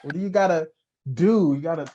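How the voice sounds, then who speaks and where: Male podcast host, higher voice, colloquial storyteller, muffled lo-fi recording. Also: fairly quick, dark tone, slight background noise. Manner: loose, colloquial, acts out little voices in his anecdotes. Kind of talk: casual interview chat. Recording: dull lo-fi audio.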